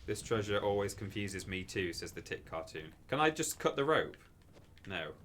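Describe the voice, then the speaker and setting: A man's voice: lowish voice, sing-song, normal speed, a bit bright, a little hiss or hum. A man in casual livestream chat, rambling and self-deprecating as he plays and reads chat aloud. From England. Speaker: streamer playing a game.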